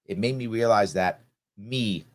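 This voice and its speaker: Man, 40s, show host, heartfelt monologue, earnest, emotional, repeats for emphasis, somewhat low voice. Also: a little slow.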